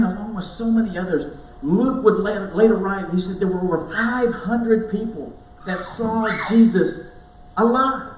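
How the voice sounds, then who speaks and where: A man's voice: sits high, expressive, normal speed, a little hiss or hum. A man preaching an Easter sermon to his congregation in a conversational, storytelling way, with frequent asides to the listeners. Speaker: pastor. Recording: roomy echo, mic at a distance.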